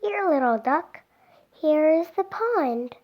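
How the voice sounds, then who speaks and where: A woman reading a children's picture book aloud in a slow, clear, sing-song way for small children. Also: high voice, animated, lo-fi sound. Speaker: storybook reader.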